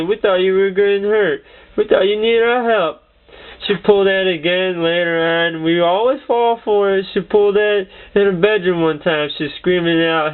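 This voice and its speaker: Man, comedian, rambling anecdotes, high voice, tinny lo-fi sound. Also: clean tone. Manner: rambling, repeats "I tell you what". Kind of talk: stand-up storytelling.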